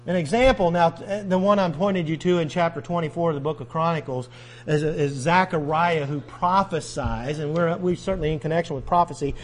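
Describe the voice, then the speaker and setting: High-voiced man preaching a sermon. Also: a little fast, poor audio. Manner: earnest teaching preacher, quotes scripture, restarts phrases.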